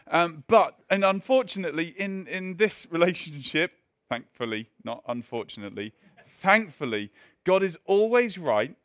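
A man's voice: a little high, dry recording, clean studio sound. A man preaching a sermon in a conversational way, with self-mocking asides and frequent restarts.

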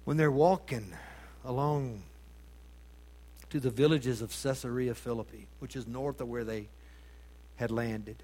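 A man preaching a sermon, asking his congregation rhetorical questions and swinging between loud emphasis and hushed tones. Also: medium pitch, fairly even intonation, a little slow, pauses often.

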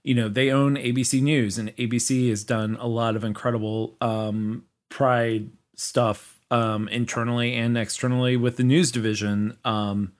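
A man's voice: mid-range voice, flat delivery, normal speed, few pauses. A man in his thirties co-hosting a podcast in casual, emotional chat, full of fillers and restarts. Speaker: podcast co-host.

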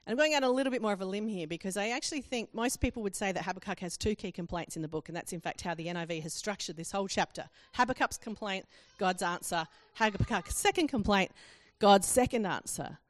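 A woman's voice: medium pitch, fast talker, hardly any pauses, no room sound. A woman preaching a sermon, acting out quoted questions with rising emphasis.

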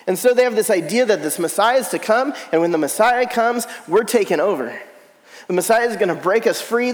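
A man preaching a sermon in an animated way, acting out the voices he quotes. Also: sits high, long reverb tail, rough recording. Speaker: pastor.

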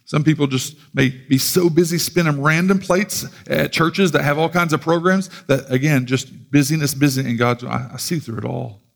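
A male pastor preaches in a loose, conversational way, with a gravelly edge to his voice. He restarts and repeats words as he goes. A long reverb rings through the large hall. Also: fairly high pitch, normal speed, hardly any pauses. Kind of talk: sermon.

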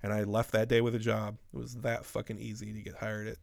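A man's voice: on the low side, completely flat delivery, quick pace, gravelly, dry recording, studio quality. A man in his thirties telling rambling, profane stories in a casual podcast chat.

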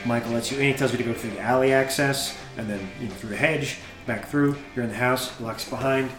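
A man narrating as game master of a tabletop horror game, halting and full of fillers and restarts. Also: mid-range voice, fairly even intonation, echoey room, over music.

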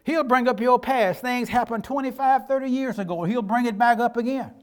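A man's voice: very high voice, fairly quick, clear, resonant tone. An older man preaching a sermon as pastor, in a folksy, emphatic and colloquial way.

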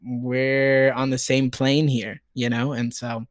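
A young man with an animated, chatty way of talking, speaking as a guest and leaning on "like" as he tells his stories. His voice sits mid-pitch and is recorded close and dry, with no room sound. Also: takes it slowly, no echo. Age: young adult. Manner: animated, chatty, heavy use of "like". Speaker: stage actor guest. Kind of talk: casual conversational storytelling.

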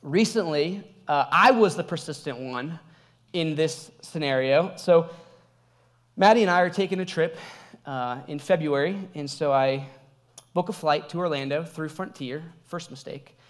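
High-voiced man preaching conversationally. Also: measured pace. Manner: conversational, animated storytelling with laughs. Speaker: pastor. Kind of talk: sermon with personal story.

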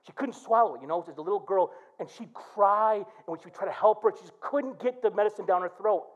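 Pastor guy preaching, high lively voice, kinda dull recording. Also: fairly quick. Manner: animated preaching with quoted prayers. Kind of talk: sermon.

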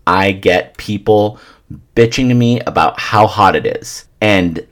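A man's voice: on the low side, unhurried. A man hosting his own podcast alone, ranting casually and sarcastically with lots of swearing. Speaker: podcast host. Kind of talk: casual solo podcast monologue.

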